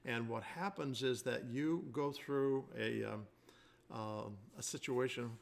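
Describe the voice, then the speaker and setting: A man's voice: mid-range voice, takes it slowly, gravelly. An older man, a basketball coach, chatting casually as a show co-host and telling long stories while he searches for words. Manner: rambling storyteller, searches for words. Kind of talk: casual podcast chat.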